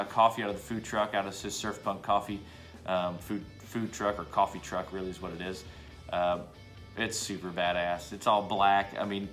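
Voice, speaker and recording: Laid-back man with a lowish voice. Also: fairly bright tone. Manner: laid-back, enthusiastic, swears casually. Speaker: beer reviewer. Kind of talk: casual beer review vlog. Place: home basement bar.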